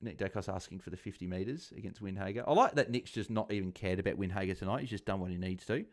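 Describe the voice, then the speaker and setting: A man's voice: low-pitched, fast talker. A man hosting a live fantasy football watchalong stream, chatting casually, reading viewer comments aloud and cheering on players.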